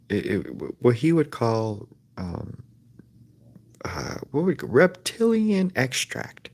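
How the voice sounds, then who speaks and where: A man hosting a comedic livestream, rambling in a deadpan way through mock sponsor pitches. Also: creaky. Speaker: streamer. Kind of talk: improvised comedic livestream rant.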